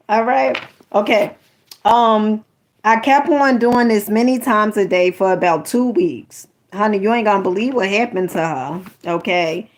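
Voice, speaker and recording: A woman reads a book aloud and keeps breaking off to talk with her listeners. Her manner is sassy and chatty, and she keeps calling them honey. Her voice sits in a middle pitch. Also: expressive, moderate pace. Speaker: host reading a book aloud. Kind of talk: casual commentary while reading aloud.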